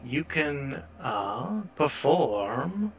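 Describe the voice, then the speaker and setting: A man narrating a tabletop game as game master, relaxed and hesitant, with frequent fillers. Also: fairly high pitch, extremely slow, breathy edge.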